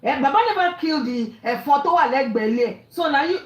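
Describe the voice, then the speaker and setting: High-pitched scolding Nigerian woman. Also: expressive, normal speed, few pauses, roomy sound, lo-fi sound. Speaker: online commentator. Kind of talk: angry rant.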